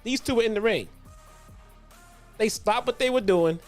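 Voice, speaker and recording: A man hosting a retro review show in a relaxed, profane way. He tells stories with growing animation, slipping in slang and restarts. Faint music plays in the background. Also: high-pitched, moderate pace. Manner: casual, profane, animated storytelling. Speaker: host. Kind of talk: casual retro wrestling review.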